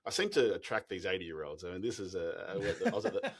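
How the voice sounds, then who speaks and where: An Australian man with a lowish voice tells travel stories in a relaxed interview. He talks in animated bursts, stumbling over restarts and breaking into laughter as he goes. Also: quick pace, breathy edge. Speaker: expedition company founder, guest. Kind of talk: casual storytelling interview.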